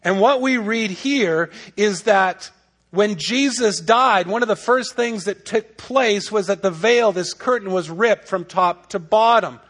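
High-voiced man preaching with emphasis. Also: unhurried, a bit bright. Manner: conversational, emphatic preaching with rhetorical questions. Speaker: pastor. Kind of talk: sermon.

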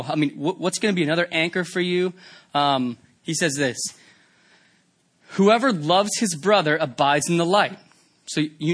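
A man preaches in a high voice with lively energy. This pastor's sermon has a conversational tone and is sprinkled with rhetorical questions.

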